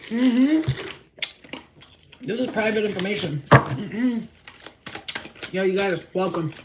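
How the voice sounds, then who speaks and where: Rambling, excited woman giving a tarot reading. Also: mid-range voice, slow, highs cut off, very noisy. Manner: rambling, excited, swears casually, acts out her stories. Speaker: spiritual tarot reader. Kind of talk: casual live tarot reading.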